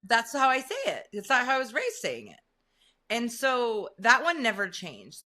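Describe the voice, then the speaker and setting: A middle-aged woman from Illinois co-hosts a podcast in casual chat. Her voice is bright and sharp, and her pitch swings widely as she jokes. She drops into sarcasm often and keeps her delivery animated. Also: normal speed. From Illinois, USA. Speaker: podcast co-host.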